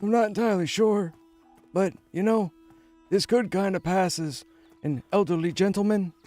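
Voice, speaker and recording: A man voicing an elderly gentleman who has been around, with a drawling, rambling delivery. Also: high-pitched, moderate pace, soft background music, pitched above the performer's own voice, natural voice. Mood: reminiscing. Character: old man, worn and experienced.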